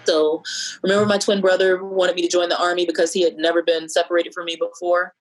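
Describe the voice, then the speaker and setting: A middle-aged woman with a low voice tells a personal story, reflective and measured. She pauses often and uses fillers. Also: flat delivery, rough recording. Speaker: podcast guest sharing a personal story.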